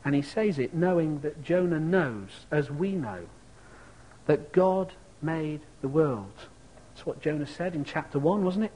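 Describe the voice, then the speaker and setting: A man's voice: a little high, animated, unhurried, dark tone, poor audio. A man preaching a sermon, reflective and asking his listeners rhetorical questions.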